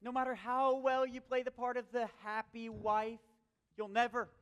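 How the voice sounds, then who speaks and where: A man's voice: very high voice, little pitch movement, moderate pace, a bit bright, clean tone, faint music behind. A man playing a scheming rival delivering an insinuating warning in a stage musical. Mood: menacing. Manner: ominous, insinuating.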